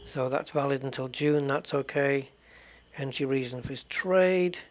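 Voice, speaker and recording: A man hosting a let's play, quietly thinking aloud as he checks documents in a game. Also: medium pitch, measured pace. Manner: quiet, muttering thoughts aloud. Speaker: gaming channel host.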